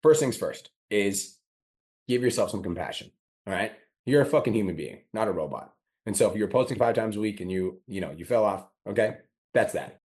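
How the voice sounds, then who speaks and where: In a blunt, profane motivational monologue, a podcast host acts out the complaining voice inside him. His tone is low, darkish and expressive, a little fast, and he is recovering from a sore throat.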